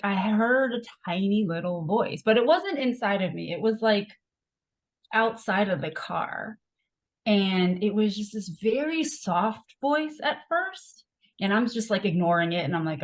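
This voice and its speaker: A woman's voice: mid-range voice, animated, unhurried. A young adult woman, a podcast guest, telling a candid and emotional personal story with many fillers.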